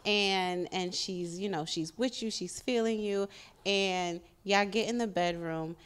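A woman co-hosting a casual podcast, asking slow, halting questions between laughs. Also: mid-range voice, clear, resonant tone. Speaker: podcast co-host. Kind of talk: casual group chat.

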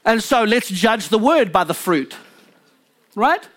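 A man preaching a sermon from the pulpit as pastor, fervent and emphatic, building intensity then dropping low. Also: very animated, slow, fairly bright tone.

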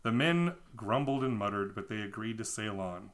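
A man's voice: on the low side, expressive, normal speed, fairly bright tone, a little hiss or hum. A man co-hosting a comedy podcast, reading a children's book aloud with wry, amused asides.

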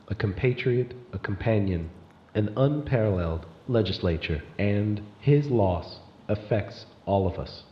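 A man's voice: lowish voice, reverberant, muffled recording, slight background noise. A man voicing a woman politician giving a grand, pompous campaign speech for a tabletop game. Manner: pompous, slow oratory.

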